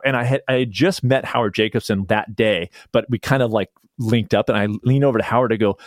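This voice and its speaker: A man talking as a guest author in a casual podcast conversation, telling stories with lively restarts. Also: medium pitch, quick pace, few pauses, no room sound, studio quality. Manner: animated storyteller, rambling restarts.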